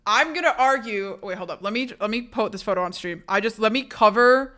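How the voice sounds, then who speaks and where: A young woman streaming, chatting casually with her viewers while sick, her voice going hoarse; blunt, swearing freely, often restarting sentences. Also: on the high side, lively intonation, brisk, pushed and bright. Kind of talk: casual chat reading a live chat.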